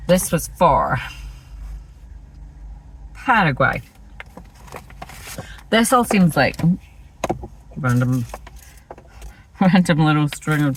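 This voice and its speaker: Her voice is lowish and expressive, and she talks slowly with long pauses. She's a Scottish flosstube host casually showing her cross-stitch work, rambling and making fun of herself, on a rough recording with slight background noise.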